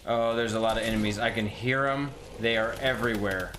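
A man's voice: on the low side, a little fast, a little hiss or hum. A man commentating his own gameplay casually, mocking himself and yelping when things go wrong. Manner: self-mocking, excitable yelps. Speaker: gaming streamer.

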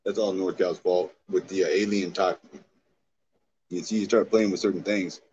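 Low-voiced profane man livestreaming. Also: normal speed. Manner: profane, excitable, talks back to chat. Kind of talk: casual livestream chat. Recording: dull lo-fi stream audio, faint noise.

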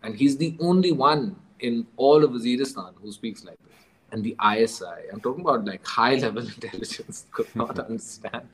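A man, a guest author in an interview, telling animated stories, dropping in Urdu phrases and laughing through grim moments. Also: medium pitch, fairly quick, rough recording. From Pakistan. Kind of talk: storytelling interview.

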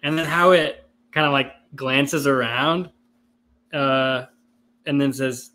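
A man's voice: medium pitch, fairly even intonation, takes it slowly, sharp tone. A man hosting a podcast, reading a novel aloud and commenting casually with lots of fillers. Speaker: podcast host.

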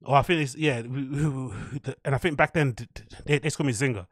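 A man's voice: mid-range voice, fairly quick, breathy edge, no echo, clean studio sound. A man, hosting a podcast and telling a story in a loose, swearing, chatty way full of "like" and repeats. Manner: loose, profane, chatty delivery with many "like"s and repeats. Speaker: podcast host. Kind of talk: casual storytelling monologue.

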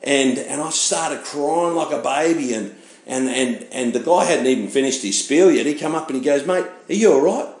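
Aussie pastor telling his story, lively, does all the voices, mid-pitched, roomy echo. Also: moderate pace. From Australia. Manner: animated storytelling, acting out voices. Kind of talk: personal testimony sermon. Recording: echoey room.

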